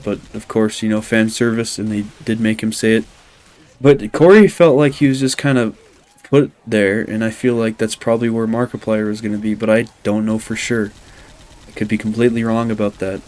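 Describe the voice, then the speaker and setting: Young man, mid pitch, casual rambling commentary, filler-heavy, self-deprecating jokes. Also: darkish tone. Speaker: commentary YouTuber.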